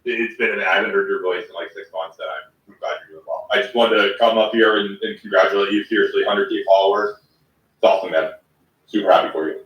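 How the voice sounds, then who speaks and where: A man's voice: lowish voice, quick pace, lo-fi sound. Laid-back man saying bro, echoey. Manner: friendly, casual, says bro. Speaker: guest in an online audio space. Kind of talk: casual chat. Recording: roomy, distant online audio.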